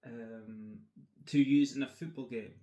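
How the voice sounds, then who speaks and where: A man's voice: mid-range voice, fairly even intonation, measured pace, warm tone. A man with a Scottish accent talks in a dry, matter-of-fact manner. He drops casual swears as he explains things. The sound carries an echoey room. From Scotland. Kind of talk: casual chat.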